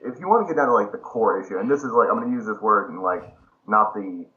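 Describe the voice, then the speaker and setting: A man's voice: fairly low pitch, lively intonation, fast. A man co-hosting a podcast in casual chat, searching for words and leaning on "like" as he builds his point. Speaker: podcast co-host. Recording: dull lo-fi sound.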